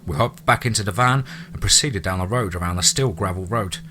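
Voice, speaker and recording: A man narrating a listener's true ghost story in a dramatic storytelling manner, dropping into low asides. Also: a little fast, pushed and bright, slight background noise.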